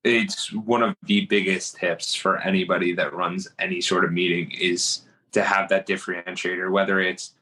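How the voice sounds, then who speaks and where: A man with a low voice hosts a podcast conversation. He affirms his guest and expands on the ideas in a loose, chatty way. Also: moderate pace, hardly any pauses, bright, forceful tone, low-quality recording. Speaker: podcast host. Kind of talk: casual interview conversation.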